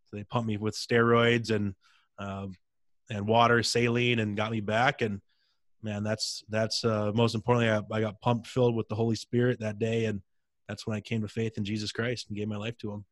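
A man's voice: fairly low pitch, level tone, moderate pace, no echo, studio quality. A man in his thirties, a former pro hockey player, telling his faith story in an intense, candid way in a casual interview.

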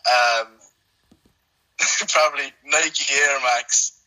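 A man's voice: mid-range voice, fairly even intonation, extremely slow, pushed and bright, poor audio. A young Irish man, a quiz contestant, who answers hesitantly and laughs nervously. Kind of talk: casual chat.

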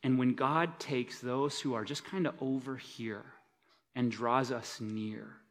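Guy preaching a sunday sermon, mid pitch, gets loud then drops soft and low. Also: steady tone, takes it slowly. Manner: dynamic, swinging between loud emphasis and soft low asides. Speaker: pastor. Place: church service.

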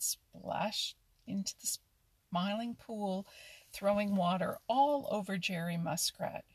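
Brief: woman narrator for a storybook, very breathy, a gravelly edge. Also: mid-range voice, no echo. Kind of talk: reading a children's animal story aloud.

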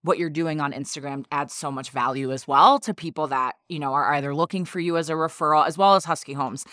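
Host: millennial woman, low voice, chatty and upbeat, dry close mic. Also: quick pace, fairly bright tone, no echo. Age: 30s. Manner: chatty and upbeat, laughs easily, lots of "like". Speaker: podcast co-host. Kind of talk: casual podcast chat.

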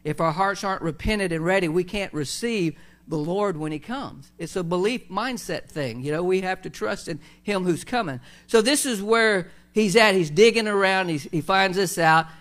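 High-voiced man preaching casually. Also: normal speed, a bit bright. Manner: conversational preaching with many fillers and restarts. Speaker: pastor. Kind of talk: sermon.

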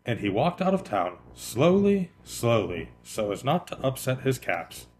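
A man hosting a podcast, reading a children's picture book aloud in an expressive way that slows down for effect. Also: medium pitch, a little hiss or hum. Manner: expressive, lively, slowing for effect.

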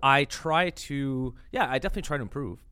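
A male podcast host in a casual interview chat. He talks quickly but stumbles and repeats his words. His voice sounds dry and close to the mic. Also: mid-range voice, pushed and bright, clean tone, dry recording.

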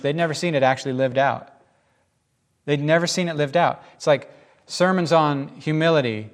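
A man giving informal, emphatic Bible teaching in a lively, conversational way. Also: a little high.

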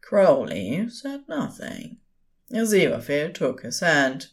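Slow, low-voiced woman reading aloud. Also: sing-song. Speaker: podfic reader. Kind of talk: unhurried audiobook narration.

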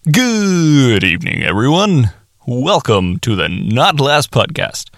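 A man putting on the voice of a smooth public-radio announcer, slow, drawn-out and over-formal. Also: medium pitch, very animated, a bit bright, dry recording, clean studio sound, full character voice. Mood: mock-formal.

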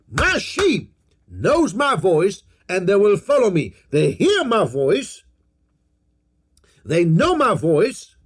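A male preacher with a high, husky voice delivers a slow sermon, his pitch swinging widely as he stresses each phrase. He leads call-and-response, repeating emphatic declarations.

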